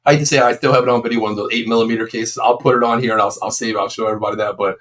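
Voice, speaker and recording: A man's voice: on the low side, fairly even intonation, very fast, fairly bright tone. A man in his fifties, a former football coach, co-hosting a casual sports talk show and telling long, emphatic stories. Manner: emphatic, rambling storyteller.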